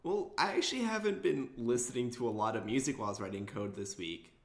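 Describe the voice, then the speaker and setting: A man's voice: mid-range voice, lively intonation, fast, reverberant. A young man co-hosting a casual podcast, laid-back and rambling, full of fillers and easy laughter. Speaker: podcast co-host. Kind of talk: casual chat.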